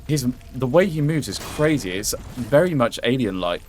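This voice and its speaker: A man giving excitable, swear-laden live gameplay commentary, talking to himself and to the game character as he fights. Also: mid-range voice, normal speed, soft background music. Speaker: gameplay streamer.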